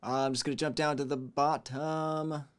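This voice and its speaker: Chatty man with a slightly high voice. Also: moderate pace, smooth. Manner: relaxed, chatty, hums to himself between messages. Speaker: livestream host reading chat. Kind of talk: casual livestream chat.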